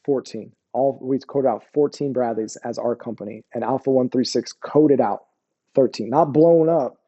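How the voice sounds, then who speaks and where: A man's voice: mid-range voice, normal speed, warm tone, breathy edge, highs cut off. A man in his forties, an Army veteran guest, telling his war stories in a rambling, profane way. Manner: profane, rambling, keeps asking "you know what I mean". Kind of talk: candid interview storytelling.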